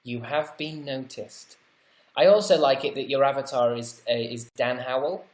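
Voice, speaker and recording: A British man hosting a casual livestream, reading viewer comments out loud and answering them with chatty, wry, self-deprecating asides. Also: medium pitch, moderate pace, echoey room. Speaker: livestream host.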